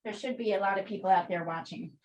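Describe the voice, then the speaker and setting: A woman's voice: mid-range voice, fast, poor audio. A woman art teacher with an ordinary mid-range voice, talking casually to her class. She rambles from one story to the next in an easy, chatty way.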